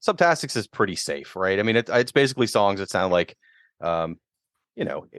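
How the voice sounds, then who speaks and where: A man's voice: fairly low pitch, brisk, no room sound, clean studio sound. A man, telling stories as a guest on a casual podcast chat and acting out quotes as he goes. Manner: animated storyteller, acts out quotes. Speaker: guest musician.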